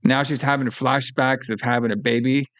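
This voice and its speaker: A man's voice: mid-range voice, normal speed. A man co-hosting a podcast, casually retelling a film's plot and acting out the characters' lines. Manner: animated retelling, acts out lines, swears. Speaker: podcast co-host. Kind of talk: casual film recap chat.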